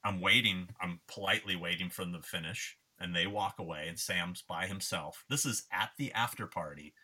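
A low-pitched man with a very bright, forceful tone tells stories in a casual chat. He talks in an animated, profane way and mixes in fillers as he goes. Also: normal speed. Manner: profane, animated anecdote telling. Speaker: guest. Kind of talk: casual storytelling.

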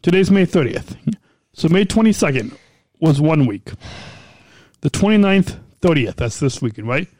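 A man's voice: on the high side, lively intonation, moderate pace, darkish tone, dry recording. A man co-hosting a podcast in casual chat, playful and teasing, often cutting in. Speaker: podcast co-host. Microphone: studio mic.

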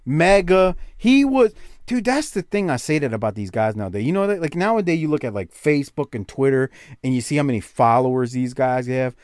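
A man in casual podcast talk who gets excited fast, swearing and drawing out words for emphasis. His pitch swings up and down with a lively bounce, and the sound is close and dry. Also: clean tone, dry recording. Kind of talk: casual chat.

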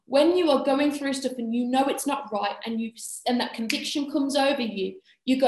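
A woman giving an earnest devotional talk to young people, often checking in with a quick "yeah?". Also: high voice, a little mellow. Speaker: youth speaker. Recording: echoey room.

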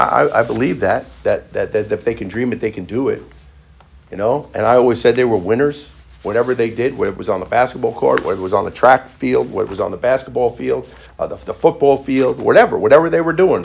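A man's voice: medium pitch, gravelly, darkish tone, husky. A male pastor preaching a sermon emphatically, with repeated phrases and frequent restarts.

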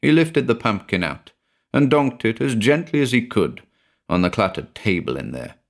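A man narrating a short story in a measured, expressive way, with a British accent. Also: medium pitch. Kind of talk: scripted narration.

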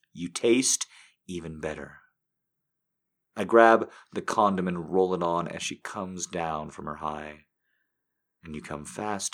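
Male narrator, very deep voice, hushed and intimate first-person storytelling. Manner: hushed, intimate delivery that often sinks near a whisper. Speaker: audiobook narrator.

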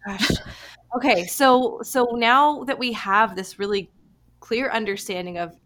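A woman in her thirties hosting a podcast, chatty and animated with lots of "like" and quick asides. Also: a little high. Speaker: podcast host. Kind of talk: casual podcast conversation.

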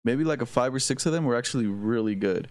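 A man's voice: medium pitch, animated, fast talker, no room sound, studio quality. A man talking in a laid-back, slangy way among friends, with lots of fillers. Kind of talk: casual chat.

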